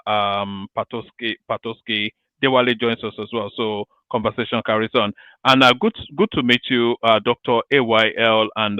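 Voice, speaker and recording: A man hosting a live online stream, handing over the floor with halting, stammering restarts. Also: medium pitch, clean tone, no room sound, lo-fi sound. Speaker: host.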